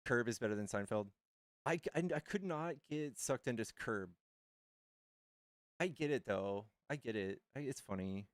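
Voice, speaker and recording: A man's voice: mid-range voice, animated, moderate pace, dry recording. A man hosting a live stream, chatting crudely and jokingly with his viewers. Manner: crude, joking, addresses chat. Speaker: streamer host.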